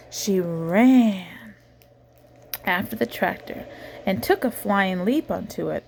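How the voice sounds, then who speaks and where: A woman reading a picture book aloud to a child in a gentle, animated way, pausing to ask the child questions. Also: medium pitch, creaky, a little hiss or hum. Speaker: reader of children's books.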